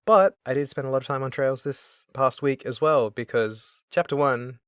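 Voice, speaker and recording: A man's voice: mid-range voice, moderate pace, no echo, clean studio sound. A young man from Australia co-hosting a casual gaming podcast, rambling and self-deprecating. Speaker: podcast co-host.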